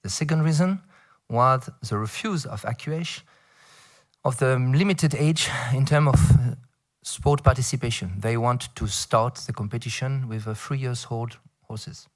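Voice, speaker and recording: A middle-aged man from France with a French accent, speaking English as a second language and giving a conference talk, halting, with many fillers and playful asides. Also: medium pitch. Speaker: federation director addressing a round table. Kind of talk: conference speech.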